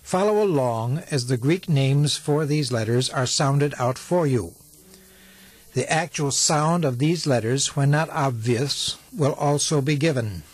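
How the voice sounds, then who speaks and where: A man reading a language lesson from an old instructional tape, slow and carefully enunciated. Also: mid-range voice, slightly rough, no room sound.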